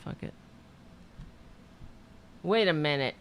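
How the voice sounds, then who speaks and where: A woman's voice: low voice, lively intonation, slow pace, clean tone. A middle-aged woman hosting a show, rambling, swearing and mocking herself in a casual chat. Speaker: podcast host. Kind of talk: casual self-deprecating chat after an interview.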